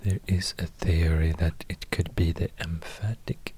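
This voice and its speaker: A man with a Swedish accent rambling quietly in soft-spoken ASMR, half-whispering and pausing often. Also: low-pitched, steady tone, slightly rough. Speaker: ASMR creator.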